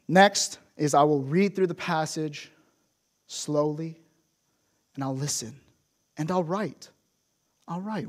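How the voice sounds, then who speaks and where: A young adult man preaching as a pastor, animated and emphatic, dropping to soft asides. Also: a little high, measured pace, pauses often. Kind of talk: sermon.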